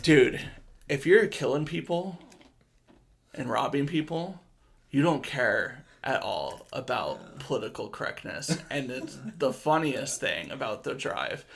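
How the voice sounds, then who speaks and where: A man's voice: medium pitch, expressive, unhurried, gravelly, fairly bright tone. A young man telling crude anecdotes in casual comedy podcast banter, laughing through his lines. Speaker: podcast guest.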